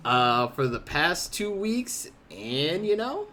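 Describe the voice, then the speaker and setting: A man's voice: fairly high pitch, animated, slow, hardly any pauses, a bit bright, soft background music. A man co-hosting a casual podcast, laughing often and teasing his friend. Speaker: podcast co-host. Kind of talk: casual chat.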